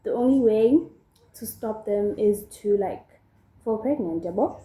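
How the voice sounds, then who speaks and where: Slow, chatty South African young woman. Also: medium pitch, mellow. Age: young adult. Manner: chatty and rambling, with many fillers. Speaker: vlogger. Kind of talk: casual storytelling while doing makeup. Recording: echoey room.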